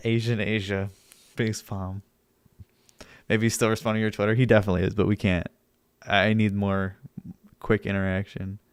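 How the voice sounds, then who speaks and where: A man's voice: fairly low pitch, flat delivery, moderate pace, pauses often, clean tone, dry recording. Young guy streamer mocking his chat, sarcastic, laughs a lot, dry close sound. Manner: sarcastic, argumentative, laughs often. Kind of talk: casual livestream chat.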